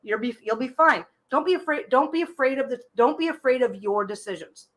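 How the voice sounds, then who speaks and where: A woman's voice: high voice, animated, a little fast, fairly bright tone. Chatty woman giving live tarot readings. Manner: chatty, frequent restarts and repeated phrases; reassuring, advice-giving. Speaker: tarot reader hosting a live stream.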